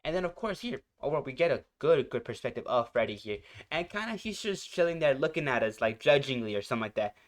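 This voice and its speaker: A man's voice: medium pitch, sing-song, quick pace, hardly any pauses. A man hosting a reaction channel, rambling casually, repeating phrases and searching for words as he reviews a song. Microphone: headphones.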